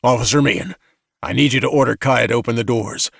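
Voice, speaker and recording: A man's voice: medium pitch, quick pace, creaky, fairly bright tone, husky, no echo, studio quality. A man voicing a stern male lieutenant in a sci-fi audiobook, giving clipped, commanding orders.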